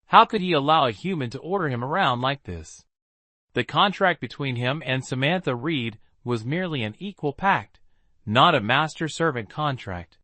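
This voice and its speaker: Lively bright male story narrator. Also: mid-range voice, no echo.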